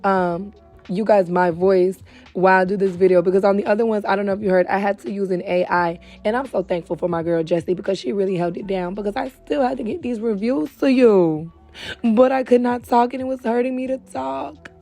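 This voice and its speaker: A young adult woman hosting a casual wig tutorial, chatty and friendly with viewers, a little hoarse and short of breath. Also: mid-range voice, a little fast, dark tone, soft background music. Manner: chatty, calls viewers girl and baby. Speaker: beauty supply wig stylist host. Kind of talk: casual tutorial talk to camera. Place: indoors at home.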